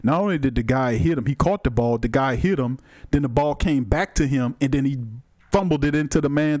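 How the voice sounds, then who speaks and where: A man's voice: mid-range voice, brisk, dry recording, clean studio sound. A man hosting a live sports call-in show, talking emphatically and casually to his chat. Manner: animated, emphatic, colloquial, talks to the chat. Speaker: sports talk show host.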